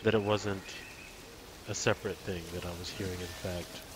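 A man's voice: low-pitched, level tone, moderate pace, very noisy. A man hosting a let's play, chatting and joking to himself while he explores a game. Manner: chatty, musing aloud, joking. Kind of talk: casual gameplay commentary.

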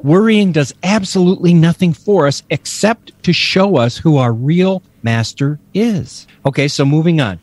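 A man's voice: on the high side, moderate pace, few pauses, darkish tone, dry recording, faint music behind. A man co-hosting a faith podcast, teaching scripture with emphatic enthusiasm and frequent laughs. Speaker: podcast co-host, Bible teacher. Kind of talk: casual teaching chat.

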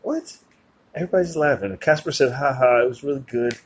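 A husky-voiced podcast host talks in casual chat. The host is chatty, laughs easily and fills pauses with quick agreements. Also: mid-range voice. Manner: chatty, laughs often, lots of filler agreement.

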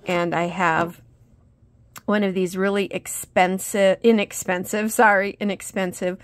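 A woman's voice: mid-range voice, steady tone, a little slow, dry recording. A woman hosting a casual quilting tutorial, chatty, with many ums and self-corrections, recorded at her sewing table. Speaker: quilting instructor, channel host.

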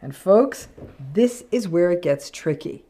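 A woman's voice: fairly low pitch, expressive, a little slow, warm tone. A middle-aged woman psychologist hosting her own channel, explaining relationship patterns in a frank, conversational way and acting out quoted lines. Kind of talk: direct-to-camera explainer talk.

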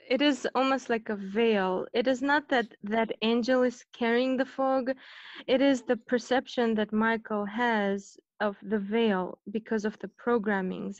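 A woman's voice: on the high side, no room sound, lo-fi sound. A woman co-hosting a spiritual book podcast, who reads passages aloud and talks them over in an earnest, casual way with frequent restarts. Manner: earnest, restarts often, laughs when moved. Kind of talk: casual chat and reading aloud.

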